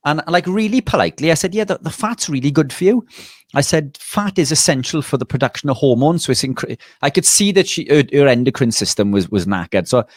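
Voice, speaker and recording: A man, a nutritionist and bodybuilder, telling a lively anecdote in a casual interview, often restarting his sentences. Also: a little high, a little fast, no room sound, studio quality.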